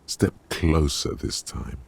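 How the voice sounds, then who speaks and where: Gravelly, very deep inner voice. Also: male voice, takes it slowly, heavily acted. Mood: sardonic. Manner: dry, mocking commentary. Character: gravelly male inner voice, sardonic and blunt. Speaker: game narrator. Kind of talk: scripted game narration.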